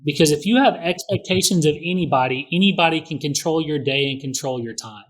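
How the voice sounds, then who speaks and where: A man's voice: on the high side, brisk. A middle-aged man, a guest on a podcast, talking bluntly and swearing freely in casual conversation. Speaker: podcast guest, real estate investor.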